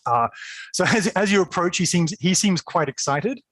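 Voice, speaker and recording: A man's voice: high voice, animated, moderate pace, fairly bright tone. A man narrating a tabletop role-playing game as game master, chatty and laughing, with many fillers.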